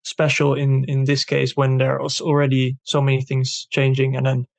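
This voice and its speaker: A man hosting a casual interview, speaking thoughtfully and hesitantly with many pauses. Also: mid-range voice, monotone, gravelly, darkish tone, dry recording. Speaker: host.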